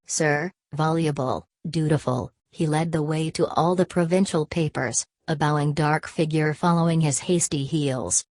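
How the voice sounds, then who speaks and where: A woman narrating a novel with a low, deep-set voice. Her reading is measured and steady. The sound is close and dry. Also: no echo. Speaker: audiobook narrator. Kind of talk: literary audiobook narration.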